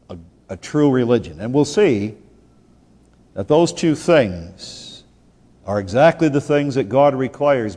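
A man's voice: a little high, a little mellow. Preaching man in a reverberant hall. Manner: measured, emphatic preaching with rhetorical questions. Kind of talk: sermon.

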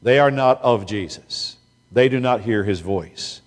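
Man, pastor, sermon, slow deliberate delivery, long reverb from a big hall. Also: on the low side. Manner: slow, deliberate preaching with emphatic rises.

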